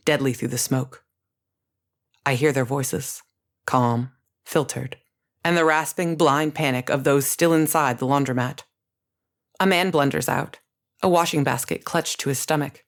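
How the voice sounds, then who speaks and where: Low-voiced woman narrating a story. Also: gravelly. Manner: first-person, measured storytelling.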